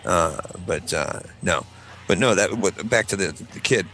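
A man telling stories in a casual podcast chat, acting out shouted lines from other people with big jumps in pitch. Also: a little slow, slight background noise. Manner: animated storyteller, acts out yelled voices. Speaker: podcast panelist.

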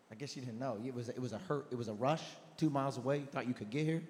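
A man preaching a sermon as pastor, telling a Bible story in chatty modern voices and rising to shouted passages. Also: medium pitch, fast talker, slight background noise. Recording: long hall reverb.

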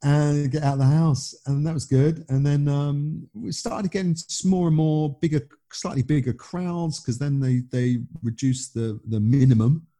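A man's voice: a little high, normal speed, few pauses, warm tone. A man, a stand-up comedian, telling a story in a casual, rambling interview chat with many restarts.

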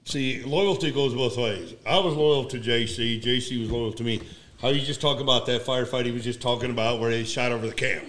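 A man, a retired Marine gunnery sergeant, telling war stories in an emphatic, profane, animated way. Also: mid-range voice, brisk, a little hiss or hum. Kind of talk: casual war storytelling.

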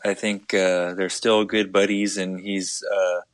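A man co-hosting a casual podcast from his desk, talking in a relaxed way with many filler pauses. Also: low-pitched, no room sound. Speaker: podcast co-host. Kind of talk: casual chat.

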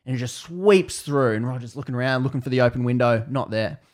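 A man recounts a spooky tale in a loose, chatty way, often backtracking and restarting his sentences. His voice sits at an ordinary middle pitch. He keeps things light, breaking off into laughter at his own asides. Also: fast talker, darkish tone. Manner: rambling, self-correcting, laughs at own jokes. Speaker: podcast storyteller. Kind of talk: casual storytelling chat.

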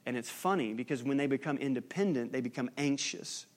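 A man preaching a sermon as pastor, lively and teasing with his congregation. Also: mid-range voice, fairly quick.

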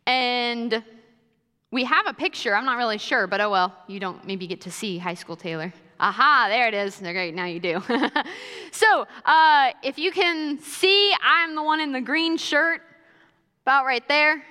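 Young woman, higher voice, smooth, casual chatty sermon, personal stories, reverberant church hall. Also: lively intonation, measured pace, sharp tone. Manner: casual and chatty, many fillers like 'kinda' and 'like'. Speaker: church speaker. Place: church auditorium.

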